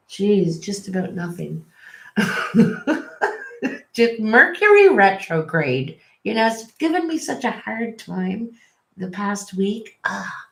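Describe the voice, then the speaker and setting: A woman giving a casual tarot reading, chatty and quick to laugh and apologize, recorded at home. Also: mid-range voice, gravelly. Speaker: tarot reader. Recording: echoey room.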